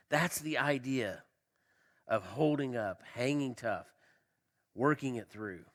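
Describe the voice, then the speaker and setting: A male pastor preaching a sermon, asking the congregation questions and swinging between loud emphasis and quiet low lines, with a slight cough. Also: a little slow. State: slight cough, tickle in throat. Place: church.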